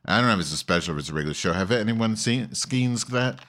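A male host talks loosely to his online audience, swearing freely and veering between topics. His voice sits very low, and he restarts his sentences often in a campy, offhand manner. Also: lively intonation, fast, fairly bright tone. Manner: profane, campy, rambling with many restarts. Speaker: host of an online call-in show. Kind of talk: casual rambling monologue.

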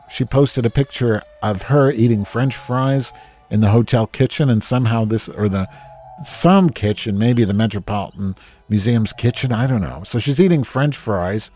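A man's voice: fairly low pitch, mellow. A man from New Jersey hosting a casual ranting monologue, grumpy, sarcastic and full of swearing. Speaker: host.

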